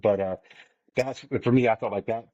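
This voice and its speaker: A man's voice: lowish voice, fairly even intonation, moderate pace, darkish tone, highs cut off. A man hosting a casual podcast, rambling a little. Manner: rambling, fillers and restarts. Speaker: podcast host. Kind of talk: casual chat.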